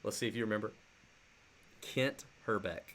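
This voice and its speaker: A man co-hosting a casual sports podcast, telling animated stories with lots of fillers and restarts. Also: on the low side, normal speed. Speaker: podcast co-host.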